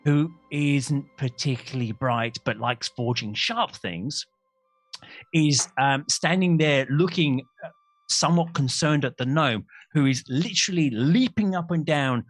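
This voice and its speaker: A man's voice: on the high side, animated, a little slow, breathy edge, dry recording, faint music behind. A man narrating a tabletop game as game master, rambling and self-mocking, tripping over his words. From Australia.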